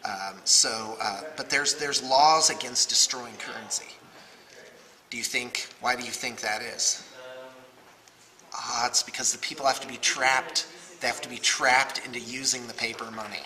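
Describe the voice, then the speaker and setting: A man's voice: medium pitch, fairly even intonation, normal speed, bright, forceful tone. A man hosting a casual unboxing video, talking in a chatty, rambling way with playful asides. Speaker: video host unboxing miniatures. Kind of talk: casual chat. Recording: echoey room with heavy noise.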